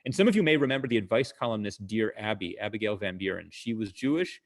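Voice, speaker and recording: Fast and expressive, a male comedian with a lowish voice chats casually with an online audience over a video call. He talks conversationally, explains his jokes, and uses lots of fillers.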